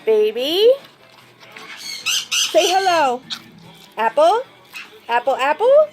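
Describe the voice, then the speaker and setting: A woman's voice: high voice, expressive, slow pace, long pauses, over music. A woman filming her pets at home, coaxing them in sing-song baby talk and asking a bird to talk. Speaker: pet owner and vlogger. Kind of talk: casual pet vlog.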